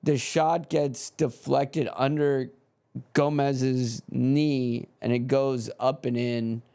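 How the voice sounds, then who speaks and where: A man calling a football match live as a fan. He shifts between flat calm and loud, swearing outbursts of frustration. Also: mid-range voice, takes it slowly, clean tone. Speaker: fan commentator on a match watch-along. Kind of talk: live play-by-play commentary.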